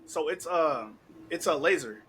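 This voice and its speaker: A young man hosting a podcast, telling a story in a casual, animated way, laughing often and acting out what people said. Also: fairly high pitch, a little slow, a loud crowd, rough recording. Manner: animated, laughing, heavy cursing, acts out quotes. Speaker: podcast host.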